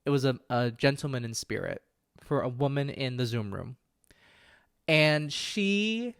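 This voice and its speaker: A man's voice: mid-range voice, animated, measured pace, creaky, no echo, clean studio sound. A man hosting a solo podcast, talking in an earnest, impassioned way and often correcting himself mid-sentence. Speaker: podcast host.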